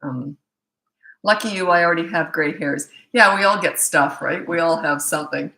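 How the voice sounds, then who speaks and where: A Canadian parenting coach in her sixties chats casually on a live stream, reading viewer comments in an echoey room. Her voice is low-pitched and sharp at normal speed, and she rambles with fillers and self-corrections.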